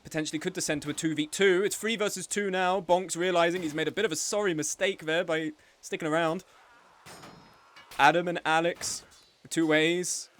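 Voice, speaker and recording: A man's voice: fairly high pitch, steady tone, normal speed, a bit bright. A young man giving live, joking play-by-play commentary on a game tournament as the streaming host. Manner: chatty and joking, with frequent laughs.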